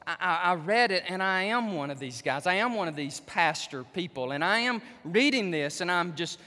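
A pastor, preaching a sermon in a church sanctuary, swinging from quiet asides to loud emphatic peaks. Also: male voice, high voice, expressive, normal speed. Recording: reverberant church hall.

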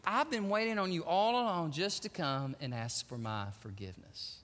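A man voicing a kindly grandmother who speaks gently and calmly. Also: a little high, normal speed, in a large hall, pitched below the performer's own voice. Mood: gentle. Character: kindly grandmother, calm and knowing.

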